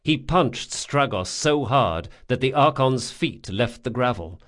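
A man's voice: mid-range voice, lively intonation, slow pace, fairly bright tone. A man narrating an audiobook, reading with dramatic expression. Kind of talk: scripted narration.

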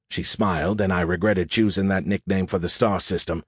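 A man's voice: deep voice, steady tone, a little fast, few pauses, husky, no echo, studio quality. A man narrating a first-person audiobook in a wry, self-deprecating way.

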